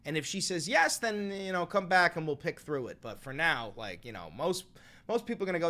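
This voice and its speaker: A man hosting a stream, reacting to news clips with crude, animated, swearing commentary. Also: on the high side, normal speed. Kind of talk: casual profane reaction commentary.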